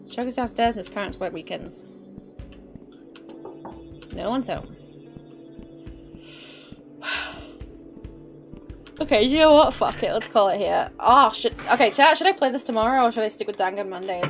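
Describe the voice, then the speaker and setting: A fairly high-voiced woman talks through a video game live, her commentary casual and expressive. She swears freely and mocks her own mistakes with playful drama. Faint game music sits quietly behind her. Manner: expressive, swears often, playfully self-mocking. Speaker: game streamer.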